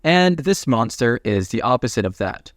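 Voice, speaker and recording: A man narrating a comic recap in a casual, jokey play-by-play with quick asides. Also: medium pitch, big pitch swings, no room sound, studio quality.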